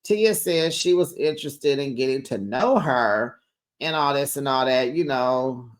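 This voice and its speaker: Gossipy recap host, woman. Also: rumbling low. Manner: gossipy, says "honey" and "child", laughs often, acts out quotes. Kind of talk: animated casual recap.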